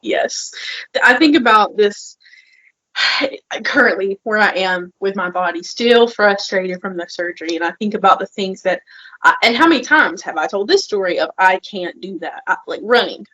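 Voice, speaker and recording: Woman, podcast co-host, breathy husky voice, animated chatty delivery, dry muffled sound. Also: medium pitch, moderate pace, dry recording. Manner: animated, bubbly, laughs often. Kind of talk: casual podcast chat.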